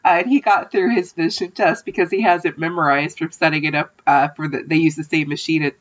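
A woman's voice: low voice, fairly even intonation, fairly quick, highs cut off. A woman co-hosting a podcast in casual, chatty conversation. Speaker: podcast co-host. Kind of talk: casual chat.

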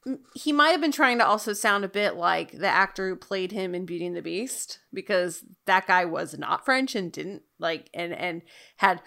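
A woman co-hosting a casual chat show, talking in an animated, chatty way and laughing often. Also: lowish voice, normal speed, gravelly. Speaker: podcast co-host.

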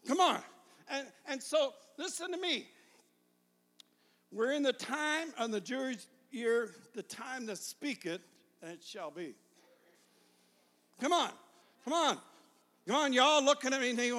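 High-voiced shouting evangelist in a hall. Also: male voice, expressive, normal speed. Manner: swings between shouted fervor and quiet confiding. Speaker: evangelist preacher. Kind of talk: sermon. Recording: long hall reverb.

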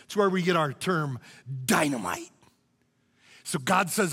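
A male pastor delivering a sermon, swinging between loud shouts and hushed asides. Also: high voice, moderate pace, in a large hall. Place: church sanctuary.

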